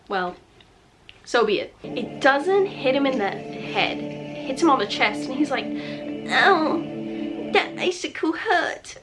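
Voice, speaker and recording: A woman's voice: fairly high pitch, a bit bright. A young adult woman vlogger giving a casual, emotive movie review full of filler words.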